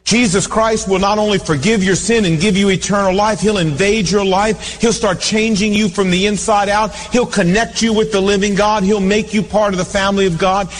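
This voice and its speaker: A man preaching a sermon as pastor, earnest and animated, telling stories and acting out voices. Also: high-pitched. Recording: reverberant hall.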